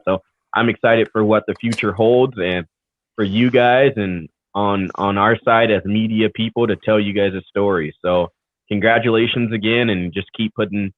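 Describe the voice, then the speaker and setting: A man's voice: fairly low pitch, no echo. A man co-hosting a live racing talk show, chatting loosely and rambling through thanks and sign-offs over a video call. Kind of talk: casual live show chat. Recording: tinny phone-like call audio.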